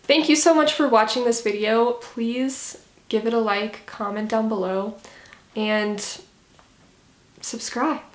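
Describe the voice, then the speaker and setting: Woman vlogger, pointed and sarcastic commentary, slightly high voice, echoey room. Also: fairly even intonation, slow, a little hiss or hum. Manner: critical, sarcastic, explanatory. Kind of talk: scripted video commentary.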